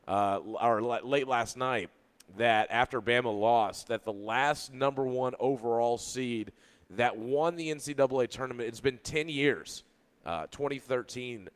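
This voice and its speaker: A man's voice: medium pitch, a little slow, clear, resonant tone. A man co-hosting a sports radio show, talking basketball in a loose, rambling way full of restarts. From Louisville, Kentucky. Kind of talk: casual sports talk. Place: radio studio.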